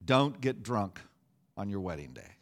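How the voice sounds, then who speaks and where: A burly male state trooper with a gruff voice dropped low, as a preacher puts him on. He talks slowly and flatly in a dry deadpan, stern but quietly amused.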